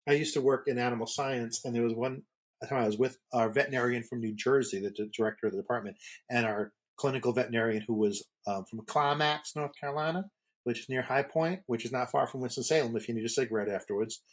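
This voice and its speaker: A man's voice: mid-range voice, fast. A middle-aged man from the Northeastern United States, co-hosting a podcast in casual conversation and telling rambling stories full of fillers and restarts. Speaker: podcast co-host.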